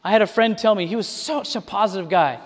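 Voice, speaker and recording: A man's voice: high-pitched, fast. A man preaching a sermon to a congregation, talking directly to them and acting out the voices of people he quotes. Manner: animated, acts out quoted voices. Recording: long hall reverb.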